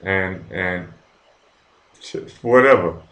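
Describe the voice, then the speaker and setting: Deep-voiced and taking it slowly, a man hosting his own live stream reads the chat and swears constantly as he rants heatedly right at his viewers. His tone is fairly bright, and the room is echoey.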